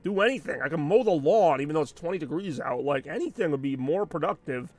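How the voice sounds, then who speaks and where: A man's voice: a little high, expressive, quick pace, darkish tone, soft background music. A man rambling and venting in casual chat while streaming live gameplay, with frequent asides. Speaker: gaming streamer.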